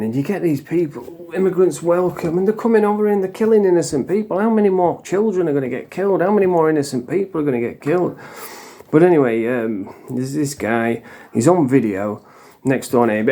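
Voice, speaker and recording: A man's voice: medium pitch, warm tone. A British man talking straight to camera in a casual, rambling monologue that often turns heated and profane. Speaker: vlogger in addiction recovery.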